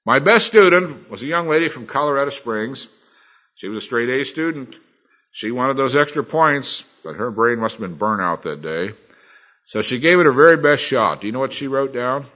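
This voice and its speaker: A man's voice: medium pitch, very animated, moderate pace, bright, forceful tone, dull audio. A middle-aged man, a Bible teacher, preaching a sermon in a folksy, colloquial storytelling manner.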